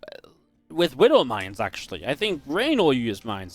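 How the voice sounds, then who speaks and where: A man's voice: medium pitch, wildly swooping pitch, moderate pace. A young man from northeast England with a light Geordie accent, casually casting a game and chatting with viewers in a rambling way. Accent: northeast English (Geordie). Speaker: esports caster. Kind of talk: casual live-stream commentary and chat.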